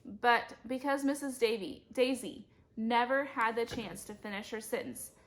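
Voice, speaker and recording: A woman reading a children's chapter book aloud, jumping to loud high voices for the characters' shouted lines. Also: normal speed. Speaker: reader.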